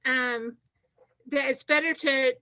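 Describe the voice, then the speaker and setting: A woman with a high, bright voice chats and asks questions in a relaxed class. Her voice sounds dry and close, with no room around it. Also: slow, no room sound, low-quality recording. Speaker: student. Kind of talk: casual class chat.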